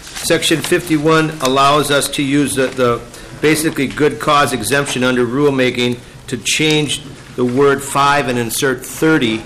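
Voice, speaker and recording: A man from a state department explaining bill provisions to a committee in halting, explanatory testimony. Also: mid-range voice, steady tone, pushed and bright, a little hiss or hum, low-quality recording. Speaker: state agency official testifying. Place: legislative hearing room.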